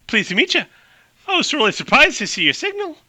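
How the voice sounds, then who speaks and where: A breezy, folksy woman flier from another era, as a man puts her on. She talks fast and clipped, her voice bright and sharp, leaping up and down in pitch. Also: wildly swooping pitch, no echo, full character voice. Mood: friendly. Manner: fast clipped old-fashioned talk, folksy exclamations. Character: brisk chatty woman aviator, cheerful and folksy.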